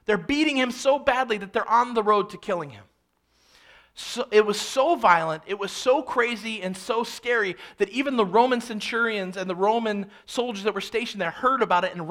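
A man preaching an expository sermon, reading scripture aloud and then explaining it with animated, dramatic emphasis. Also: high-pitched. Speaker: pastor.

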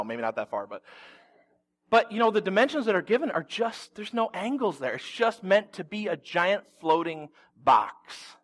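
High-voiced man preaching an animated sermon. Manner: animated storytelling with humorous asides. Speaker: pastor. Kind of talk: conversational sermon.

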